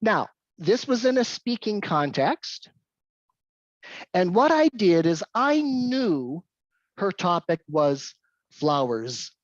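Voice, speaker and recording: A woman giving an English-teaching talk, telling a story with animated delivery and repeating her key points. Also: on the low side, slow, dry recording, dull audio. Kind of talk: lecture with anecdote.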